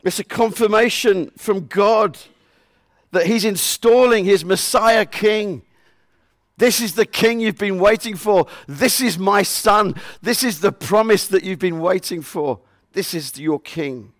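A man with a fairly high voice preaches a sermon in an earnest tone. He keeps coming back to scripture verses and repeats them for emphasis. The recording is close and dry, with no room echo. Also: measured pace.

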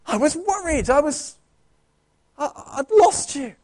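A man's voice: very high-pitched, expressive, unhurried, darkish tone, voice pushed up. A man doing a whiny, accusing small child. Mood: upset. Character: upset small child blaming a parent.

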